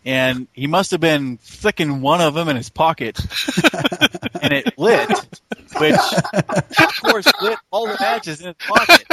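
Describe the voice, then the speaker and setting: A man's voice: high-pitched, bright, forceful tone. A man telling a childhood story with amusement, laughing along as he goes. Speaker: podcast co-host. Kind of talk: casual storytelling.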